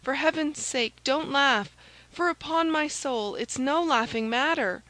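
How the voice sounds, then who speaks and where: A woman reading as a breathless young swordsman in a storybook adventure, urgent and pressing. He speaks a little higher and louder than the narration. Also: unhurried, no echo, rough recording.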